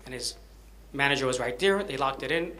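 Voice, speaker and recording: A man's voice: medium pitch, a little fast, pushed and bright. A man, a rabbi, telling a story and welcoming a guest at a fundraiser event. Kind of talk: speech to an event audience.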